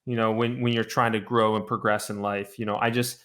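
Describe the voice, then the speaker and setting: A man in his thirties co-hosting a podcast, talking in a relaxed, rambling way. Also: fairly low pitch, fairly quick. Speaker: podcast co-host. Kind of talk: casual chat.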